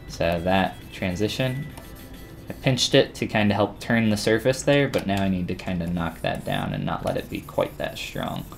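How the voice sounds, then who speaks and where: During a live-stream 3D sculpting tutorial, a man with a deep, gravelly voice talks easily with his viewers as he works. His commentary wanders, and he frequently starts sentences over.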